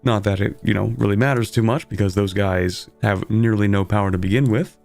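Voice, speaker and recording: A young man streams a strategy game, explaining his moves in a casual, sleepy, rambling and self-deprecating way. His lowish voice has vocal fry, a slightly mellow tone and fairly even intonation, at a fairly quick pace. Soft music plays in the background.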